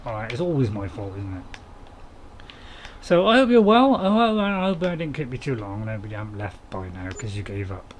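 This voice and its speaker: A man's voice: lowish voice, animated, quick pace, few pauses. A man, casually commenting on a farming game while streaming and chatting to viewers in a rambling, self-mocking way.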